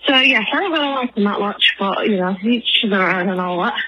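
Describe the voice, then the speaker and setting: A woman's voice: medium pitch, moderate pace, pushed and bright, breathy edge, poor audio. A woman from England leaving a rambling phone voicemail for a podcast while out of breath from walking her dog. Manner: rambling, lots of ums and likes. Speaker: caller.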